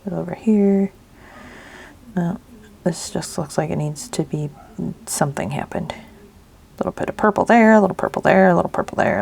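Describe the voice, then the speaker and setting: A woman's voice: fairly low pitch, normal speed, vocal fry, long pauses, a little mellow, breathy edge. A woman hosting a craft video, chatting casually and thinking aloud as she works, often half-whispering and mumbling to herself. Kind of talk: casual narration while crafting.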